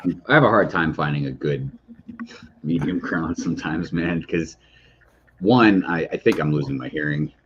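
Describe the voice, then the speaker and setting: A man hosting a livestream, chatting casually in an animated way that gets loud when he is excited. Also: a bass voice, moderate pace, lo-fi sound, noisy background. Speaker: streamer host.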